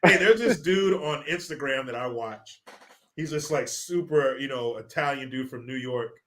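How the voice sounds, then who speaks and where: A man's voice: medium pitch, normal speed, fairly bright tone, a little hiss or hum. A man hosting a casual political talk show, exasperated and mocking, swearing freely as he reacts. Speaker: show host. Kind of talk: profane casual political commentary.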